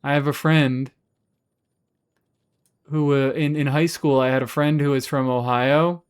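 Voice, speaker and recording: A man's voice: medium pitch, level tone, unhurried, clean tone. A young man chatting casually with his chat while streaming a game, sarcastic and swearing freely.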